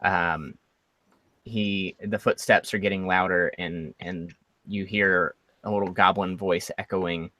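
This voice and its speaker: A man running a tabletop game as game master, narrating with a hesitant manner and many pauses. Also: low-pitched, steady tone, pushed and bright, dry recording.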